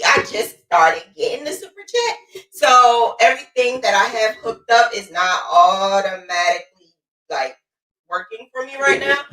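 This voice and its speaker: A woman hosting a casual crochet livestream, lively and playful, chatting to viewers and greeting them by name. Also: fairly high pitch. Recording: roomy sound, mic at a distance.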